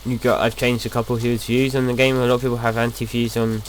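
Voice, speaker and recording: A man's voice: medium pitch, flat delivery, fast talker, slight background noise. A young man casually talking through his gameplay as a video host, rambling and chatty, often restarting his sentences.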